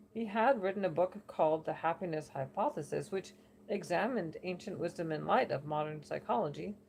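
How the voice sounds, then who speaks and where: A woman reading a book passage aloud for elocution practice, steady and careful with occasional slips. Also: lowish voice, vocal fry, slight background noise, poor audio. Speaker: reader.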